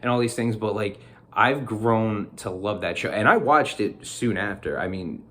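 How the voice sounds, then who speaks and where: A man, maybe in his thirties and from New Jersey, talking casually to camera in a rambling, excitable way, full of restarts and laughs. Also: on the low side, normal speed. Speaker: vlogger.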